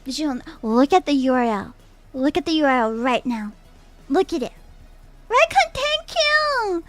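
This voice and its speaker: A woman's voice: sits high, fairly quick. A young adult woman streaming as a VTuber, chatting casually and playfully with her viewers, laughing often and repeating her own phrases. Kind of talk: casual live-stream chat, reading chat aloud.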